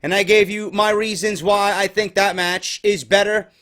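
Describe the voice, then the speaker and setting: Tired and exasperated, a New York wrestling podcast host delivers profane, ranting commentary, cursing nonstop. His high-pitched voice holds a level tone at normal speed and sounds fairly bright.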